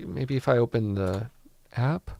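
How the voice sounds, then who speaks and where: A man's voice: mid-range voice, measured pace, vocal fry, darkish tone. A man hosting a casual comedic art tutorial, rambling and mock-serious, swearing in frustration at his equipment.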